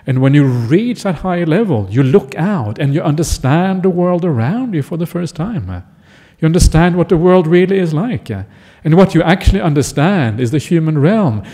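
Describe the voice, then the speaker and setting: A man's voice: fairly high pitch, dark tone. A man, a Buddhist monk, giving a chatty dharma talk and often checking in with listeners. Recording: echoey hall.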